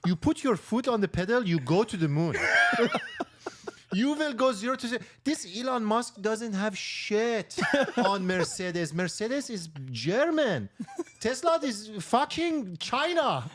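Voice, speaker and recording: A man's voice: high-pitched, big pitch swings, unhurried, a little hiss or hum, pitched above the performer's own voice. A man voicing a pushy, boastful car salesman with a Persian accent and broken English. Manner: loud, brash hard sell in broken English.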